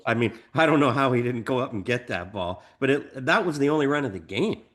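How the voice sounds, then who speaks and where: A man's voice: mid-range voice, fairly quick. A man co-hosting a casual sports podcast, talking emphatically with frequent restarts. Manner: animated, emphatic, lots of restarts. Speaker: podcast co-host.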